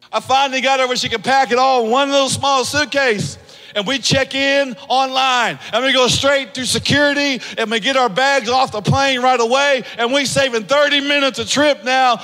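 A male pastor preaching a sermon to a congregation, lively, switching between quiet asides and acted-out quotes. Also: extremely high pitch, normal speed, long reverb tail. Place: church hall.

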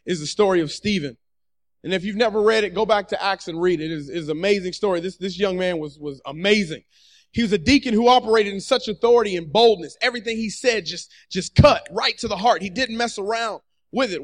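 A man with a strikingly high voice delivers a fervent sermon. He works the congregation with call-and-response, repeating his key lines and pushing the crowd to answer back. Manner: energetic call-and-response preaching, repeating phrases. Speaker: preacher.

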